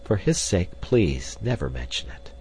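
A man reading the part of a devoted young nobleman, soft-spoken and pleading. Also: sits low, very animated, a little slow, slight background noise, heavily acted.

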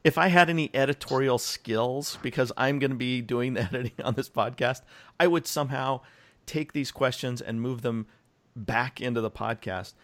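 A man hosting a podcast interview, who laughs easily and asks relaxed follow-up questions. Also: medium pitch, normal speed. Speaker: podcast host. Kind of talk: casual interview.

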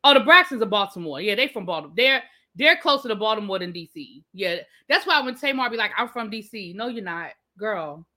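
A woman with a Washington DC accent, chatting casually on a livestream and answering her viewers' comments with drawn-out asides. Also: medium pitch, lively intonation, sharp tone. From Washington DC area. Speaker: livestream host.

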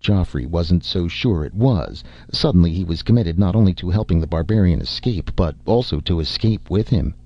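A man reading a story aloud as a narrator, in measured scripted narration. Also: deep voice, expressive, highs cut off. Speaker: audiobook narrator.

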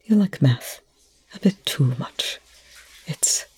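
Reader doing a broken-down scientist guy, quiet, halting, kinda gravelly and husky. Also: on the high side, no room sound. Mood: despairing. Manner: quiet, halting, near tears. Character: despairing brilliant male scientist.

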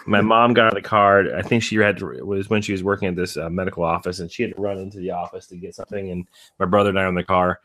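A man's voice: low voice, very fast. A man co-hosting a casual podcast, telling a childhood story with lots of laughter. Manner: animated storyteller, laughs through tales. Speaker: podcast co-host. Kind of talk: casual chat.

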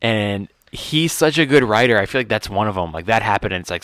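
A man hosting a casual chat, relaxed and full of fillers. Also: lowish voice, a little fast, hardly any pauses, smooth, dry recording, studio quality. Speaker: host.

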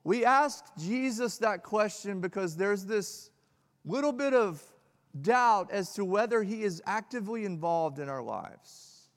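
A male pastor preaching a sermon, swinging from loud emphatic peaks to hushed, low lines. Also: animated, measured pace. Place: church hall. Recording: long hall reverb.

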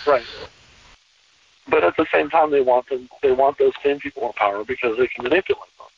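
Husky-voiced man on a tinny line. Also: medium pitch, brisk, no echo. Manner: emphatic, repeats phrases for stress. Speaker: podcast guest. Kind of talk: conversational interview. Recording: distant, tinny phone-line sound.

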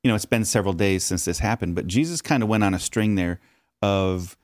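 A man's voice: fairly low pitch, fairly quick, a little mellow, no echo, studio quality. A man casually explaining a Bible passage to his co-host. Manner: explanatory, with short agreeing backchannels. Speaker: podcast co-host.

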